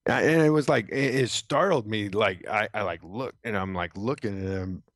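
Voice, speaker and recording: A middle-aged man with a very low, deep voice tells his story earnestly. He talks reflectively and often restarts his sentences. The sound is dry and close. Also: moderate pace, dry recording. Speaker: podcast guest, retired Navy SEAL. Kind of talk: conversational storytelling.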